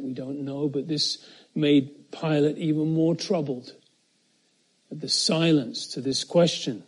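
A middle-aged man delivers an expository sermon, earnest and emphatic, with a breathy edge to his voice. When he quotes scripture his pitch and volume climb, and he lets his pauses linger.

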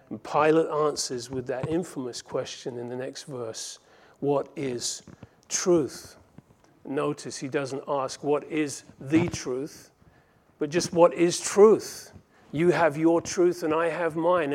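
A man with a fairly high voice teaches scripture verse by verse. He is earnest and slows down on the phrases he wants to stress. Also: darkish tone. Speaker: pastor.

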